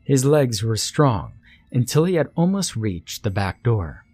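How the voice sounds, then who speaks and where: Slow, husky-voiced horror narrator, a man. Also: mid-range voice, sing-song, a little mellow, dry recording. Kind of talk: scripted horror story narration. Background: faint music.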